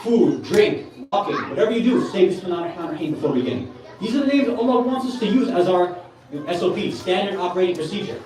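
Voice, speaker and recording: A man's voice: high-pitched, animated, fast talker, darkish tone. A man giving an earnest, conversational sermon at a religious gathering, mixing in Arabic religious terms. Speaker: speaker at a Muharram gathering. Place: large hall with a gathering. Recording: echoey hall, from far off.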